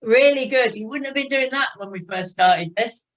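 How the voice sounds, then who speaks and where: A woman leading a cycling exercise class, encouraging riders and counting out a steady tick-tock rhythm. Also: a little high, normal speed. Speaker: cycling instructor.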